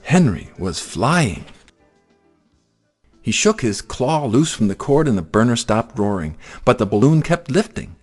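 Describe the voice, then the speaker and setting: A man reads a children's storybook aloud with a lively, sing-song delivery. His mid-range voice climbs and dips freely to carry the action. Faint music plays quietly behind the reading. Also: mid-range voice, a little slow. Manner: expressive, sing-song storytelling with animated swoops. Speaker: picture-book reader.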